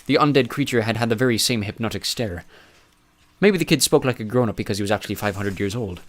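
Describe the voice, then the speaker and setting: A man narrating an audiobook in a measured, even reading style. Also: on the low side. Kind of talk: scripted narration.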